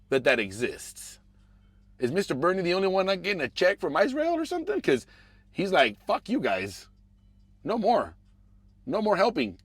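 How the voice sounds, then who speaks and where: A man's voice: fairly high pitch, dry recording. Guy venting on his podcast, swears a lot, voice jumps all over, dead dry room. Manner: animated, profane, swings between mumbling asides and raised outbursts. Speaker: podcast host. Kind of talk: casual political rant.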